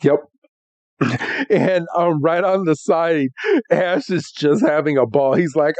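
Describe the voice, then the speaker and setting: Podcast co-host, fairly high-pitched man, laughs through his recap, dry and slightly muffled recording. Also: a little slow, a little mellow, no echo. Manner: laughs often, acts out characters' lines. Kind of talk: casual chat recapping an episode. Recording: dull, muffled podcast audio.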